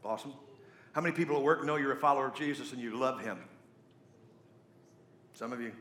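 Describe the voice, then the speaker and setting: A man's voice: mid-range voice, fast talker, roomy sound, a little hiss or hum. A middle-aged man preaching a sermon, telling stories with jokey asides. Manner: storytelling, animated, jokey asides. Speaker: pastor.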